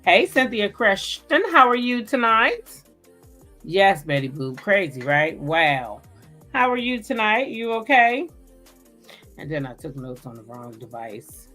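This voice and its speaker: A woman's voice: medium pitch, sing-song, a little slow, bright, forceful tone, faint music behind. A woman hosting a casual livestream recap, chatting loosely, greeting viewers by name and cursing freely. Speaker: host.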